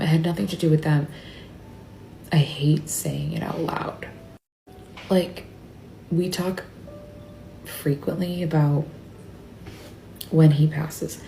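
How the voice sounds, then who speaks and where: Woman, deep gravelly flat voice, tearful confessional, echoey room. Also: a little hiss or hum. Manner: halting, tearful, often dropping to a whisper. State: upset and near tears. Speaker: mother sharing a personal story. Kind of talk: emotional confessional video.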